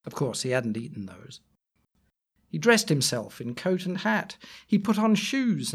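Slow, expressive male storyteller. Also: mid-range voice, husky. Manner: slow, expressive reading aloud. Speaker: reader. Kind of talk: storybook poem reading.

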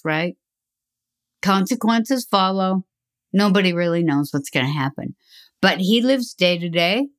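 An older woman talking through life advice in an unhurried, rambling way, chuckling now and then. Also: mid-range voice. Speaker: speaker giving life advice. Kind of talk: slow reflective talk.

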